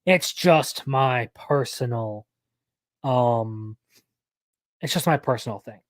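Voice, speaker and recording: A young man with a medium-pitched voice speaks slowly on a dry recording. Hosting a live anime news stream, he talks casually and rambles, often correcting himself mid-sentence.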